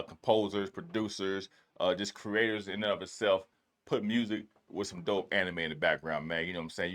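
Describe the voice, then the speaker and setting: A man's voice: low voice, a bit bright. Laid-back man hosting a music reaction. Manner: laid-back, slangy, peppers talk with "man". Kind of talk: casual reaction commentary.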